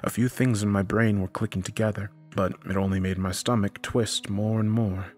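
Deep-voiced man narrating a horror tale. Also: fairly even intonation, darkish tone, soft background music. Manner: dramatic, measured storytelling.

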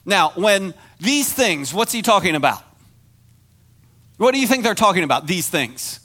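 A man giving a conversational sermon as pastor, animated and acting out the voices in the story. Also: high voice, moderate pace.

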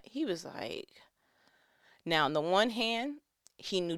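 A woman's voice: mid-range voice, sing-song, takes it slowly, pauses often, dry recording, clean studio sound. A woman, a mother, telling funny family stories in a casual, playful, slangy way, often breaking into laughs. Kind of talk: casual storytelling monologue.

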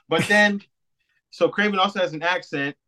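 A man in casual podcast chat, with a voice pitched a bit high. He talks in an animated way, swears freely and laughs often. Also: a little slow, rough recording. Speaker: podcast co-host.

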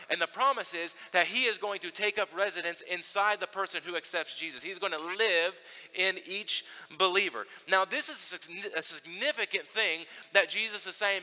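Bright high-voiced man preaching. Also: big-room sound, rough recording. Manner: conversational preaching with fillers and restarts. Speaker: pastor. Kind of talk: sermon.

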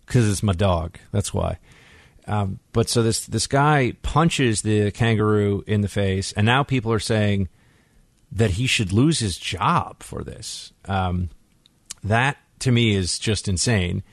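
A man hosting a radio talk show with a lowish voice, close and dry in the studio. He speaks casually and gives his opinions, stopping and restarting his sentences as he goes. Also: slow, dry recording. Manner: conversational, frequent restarts, opinionated. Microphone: studio microphone.

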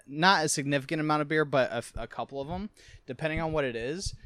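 A man's voice: fairly high pitch, quick pace, fairly bright tone. A man chatting casually as a podcast co-host, talking eagerly and teasing his friend. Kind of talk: casual chat.

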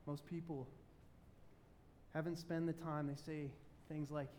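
A man delivering a sermon in a high, light voice. He tells his stories with energy, jumping between loud enthusiasm and quiet, pointed moments. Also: a little slow, a little hiss or hum. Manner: animated storytelling, swings between loud excitement and quiet emphasis. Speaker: pastor.

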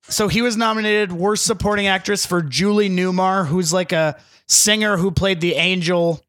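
A man with a fairly high voice hosts a comedy podcast. He reels off trivia and introduces segments in a casual way. The sound is dry and close. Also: steady tone, moderate pace, a bit bright, no echo. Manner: reads trivia, announces segments. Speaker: podcast host.

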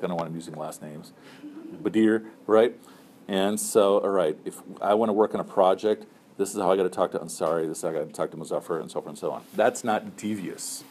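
The chaplain, a middle-aged Muslim man, talks fast in a low, darkish voice, with a little hiss or hum on the recording. He gives a room of students casual advice, regularly checking in with "right?" and "okay?".

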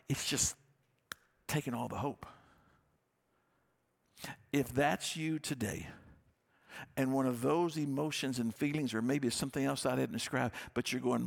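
A man's voice: medium pitch, creaky. A male pastor giving a sermon in an earnest, conversational way, often repeating his phrases.

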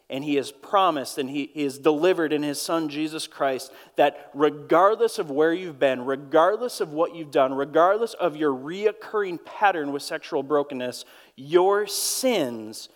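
A man's voice: a little high, measured pace. A man with a Minnesotan accent preaching a sermon to his church, earnest and storytelling, often repeating words as he goes. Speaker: pastor. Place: church auditorium. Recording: long reverb of a large hall.

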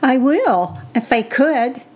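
A woman's voice: high voice, expressive, slow pace. An older woman co-hosting a podcast with her son, answering in a plain, sympathetic way. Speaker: podcast co-host, host's mother. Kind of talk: casual chat.

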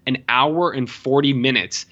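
Bright-voiced man in casual podcast chat. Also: medium pitch, measured pace, muffled recording. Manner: animated, profane, restarts often. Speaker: podcast co-host. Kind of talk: casual film review chat.

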